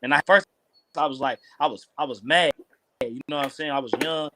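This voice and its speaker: A man's voice: a little high, a little fast, noisy background. A man in his thirties with a Kentucky Southern accent, a rapper telling stories in a casual interview, laid-back and full of slang. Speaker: rapper guest.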